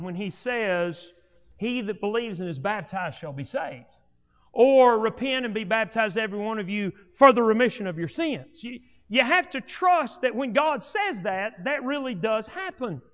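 Animated preacher in a reverberant hall. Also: male voice, high voice, lo-fi sound. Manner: animated, repetitive restarts, rising emphatic delivery. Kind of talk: sermon.

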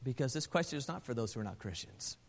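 A man preaching a sermon to his congregation, addressing them as brethren, swinging between loud exhortation and soft, slow, tender passages. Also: mid-range voice, animated, vocal fry. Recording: long hall reverb.

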